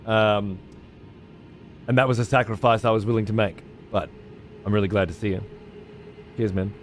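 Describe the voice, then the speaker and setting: A man's voice: fairly low pitch, fairly even intonation, normal speed, a little hiss or hum. A man, chatting casually on a live stream as he reads out viewer messages, laid-back and swearing freely. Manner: laid-back, swears freely, uses slang like mate and cunt. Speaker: streamer reading chat.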